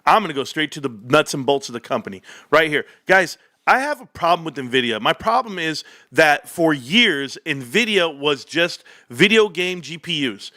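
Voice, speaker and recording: Fired up guy ranting about stocks on his stream, high-ish bright voice, dry sound. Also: moderate pace, few pauses, dry recording. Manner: excitable, joking, rambling. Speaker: stock market stream host. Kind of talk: casual livestream rant.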